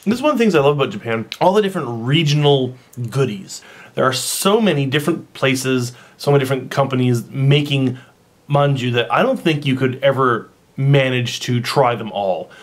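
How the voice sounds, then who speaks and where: A man's voice: medium pitch, animated, moderate pace. A man casually chatting while tasting and describing a snack for his vlog, recorded on a camera mic at home. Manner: chatty, rambling, eats on camera. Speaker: vlogger.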